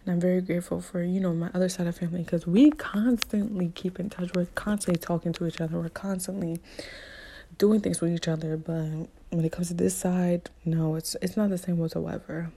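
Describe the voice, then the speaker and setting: A woman's voice: lowish voice, steady tone, brisk, warm tone. A young woman telling a personal story in a candid, emotional way, talking casually with blunt slang and plenty of fillers.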